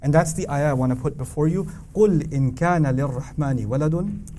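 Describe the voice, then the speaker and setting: A man teaching a live audience about a Quran verse, emphatic and full of rhetorical questions, reciting Arabic verses quickly. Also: fairly high pitch, warm tone, a little hiss or hum.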